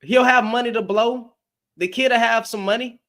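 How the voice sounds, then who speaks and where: A man's voice: very high-pitched, fairly even intonation, moderate pace, a bit bright. A man giving a blunt, profane opinion rant to camera, firing off rhetorical questions as a commentary vlogger.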